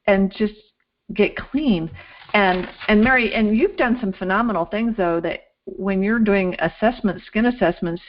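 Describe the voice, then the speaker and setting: A woman's voice: medium pitch, highs cut off. Earnest woman hosting on a call. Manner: earnest, thanking and encouraging. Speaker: show host. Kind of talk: casual interview talk.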